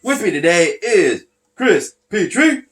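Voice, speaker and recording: His voice sits high with big pitch swings and a fairly bright tone, and he speaks slowly over faint background music. The man hosts a casual wrestling recap podcast through a face mask, rambling, losing his thread and a bit short of breath.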